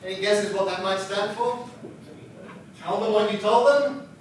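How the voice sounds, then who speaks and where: Man, high voice, chatty workshop presenter, roomy echo, audible background noise. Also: measured pace. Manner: chatty, self-deprecating humor. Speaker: book publisher presenting a workshop. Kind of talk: instructional presentation. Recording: echoey room picked up from a distance.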